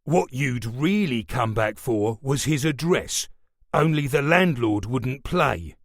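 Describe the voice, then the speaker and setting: A man voicing a stern, menacing police superintendent who talks in a measured, remorseless way. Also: mid-range voice, expressive, no room sound, studio quality. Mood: cold.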